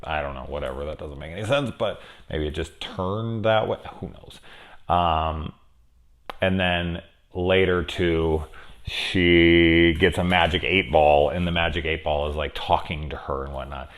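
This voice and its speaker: Casual male movie reviewer, very low voice, profane and rambling. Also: unhurried, a bit bright. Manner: rambling, profane and enthusiastic, with many fillers.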